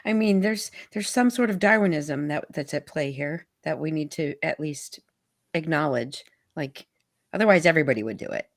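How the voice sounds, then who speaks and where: A woman's voice: low voice, moderate pace, no room sound, studio quality. A woman co-hosting a talk radio show, speaking bluntly and outspokenly in casual chat. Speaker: radio co-host.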